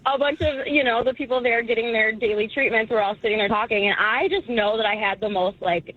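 A woman's voice: a little high, steady tone, a little fast, slightly rough, phone-quality sound. A woman calling in to a radio show, telling a wry anecdote and laughing at it. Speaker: caller. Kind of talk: phone-in anecdote.

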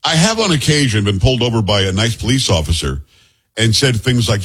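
A man hosts a radio talk show at a rapid clip, his voice a little husky. He rambles from topic to topic and teases his co-host. He talks into a studio microphone. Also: medium pitch, very animated, fairly bright tone. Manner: jokey, rambling, teasing banter. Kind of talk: casual radio talk and banter.

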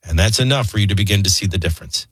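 A man's voice: sits low, animated, racing, a bit bright, husky, no echo. A man hosting a morning radio show, reading an ad in an earnest, persuasive way. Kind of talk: host-read radio ad. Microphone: dry studio microphone.

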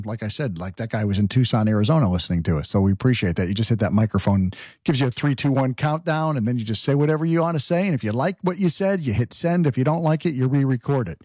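A man hosting a political talk radio show, talking in an animated, opinionated way and firing off rhetorical questions. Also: medium pitch, fast, no room sound, clean studio sound.

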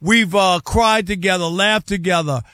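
A middle-aged man with a fairly high voice co-hosts a casual sports talk show. He talks with emphatic repetition, and the recording is dry and close with no room sound. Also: normal speed, pushed and bright, dry recording. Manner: emphatic, repeats himself. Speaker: co-host, former beat writer.

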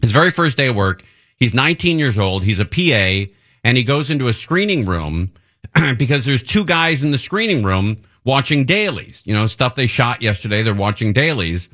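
This is a middle-aged man on the radio, spinning anecdotes in relaxed, wandering chat and fixing his own words along the way. He speaks at a moderate pace with a medium, sing-song, slightly bright voice.

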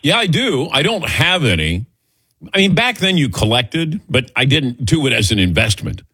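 A man's voice: medium pitch, very animated, normal speed, pushed and bright, husky, no room sound. A man in his sixties hosting a call-in sports radio show, chatty and laughing easily as he tells stories. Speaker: radio sports talk host.

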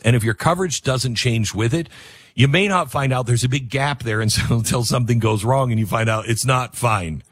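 A man's voice: mid-range voice, fairly bright tone, husky, no echo, studio quality. A man hosting a radio talk show, reading live ads and ranting in a rambling, self-mocking way.

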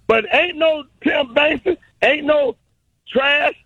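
A man's voice: very high voice, slow pace, pushed and bright, dry recording. An older man calling in as a community elder, preachy and insistent, talking in proclamations over a muffled phone line. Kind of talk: phone-in tribute.

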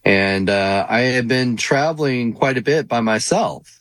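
A man's voice: medium pitch, measured pace, fairly bright tone, no room sound. A man who investigates the paranormal, talking earnestly in a casual interview.

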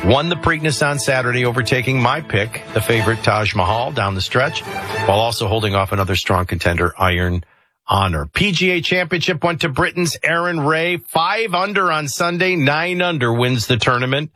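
Bright, breezy male morning radio host. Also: medium pitch, lively intonation, moderate pace, soft background music. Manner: breezy, wry asides, sing-song announcer cadence. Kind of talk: casual radio chat and sports rundown. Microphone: studio microphone.

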